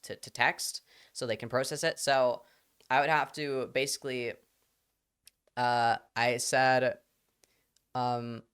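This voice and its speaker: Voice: medium pitch, fairly bright tone, smooth. A live streamer casually telling a rambling anecdote to the audience, full of fillers and quoted voices.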